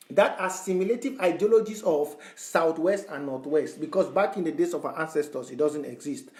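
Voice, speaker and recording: A man's voice: high-pitched, a little mellow. A man from Southern Cameroons, speaking to followers as an online activist in a fervent, lecturing, repetitive way. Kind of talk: impassioned address to followers. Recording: roomy echo.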